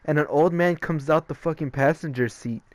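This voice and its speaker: Young dude chatting on a podcast, swears a lot, says like constantly, dead dry mic sound. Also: male voice, a little high, moderate pace, no room sound. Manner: loose, profane storytelling with frequent "like" and laughs. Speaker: podcast co-host. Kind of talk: casual chat.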